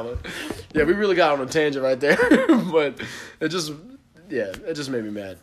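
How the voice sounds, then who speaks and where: A young man casually telling a story on a podcast, animated and profane, acting out the people he quotes. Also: a little high, moderate pace. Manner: animated, swears a lot, acts out quotes. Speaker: podcast co-host.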